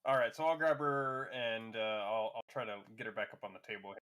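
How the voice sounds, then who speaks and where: A man's voice: mid-range voice, fast, fairly bright tone, rough recording. A man playing a tabletop game, speaking politely in character with a joking edge. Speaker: player.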